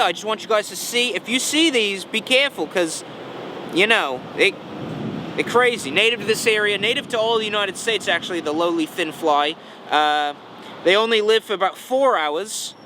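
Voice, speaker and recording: A young man playing a bumbling, deadpan nature show host. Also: high voice, natural voice. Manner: mock-serious, rambling, deadpan. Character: bumbling overconfident male nature documentary host. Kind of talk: comedy sketch, mock documentary. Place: outdoors on a campus. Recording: noisy outdoor recording with traffic.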